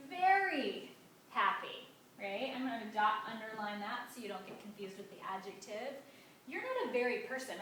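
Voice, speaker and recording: Bright-voiced woman teaching grammar. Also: fairly high pitch, slight background noise. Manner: emphatic, drawn-out stresses on key words. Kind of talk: classroom grammar lesson. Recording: echoey room, mic at a distance.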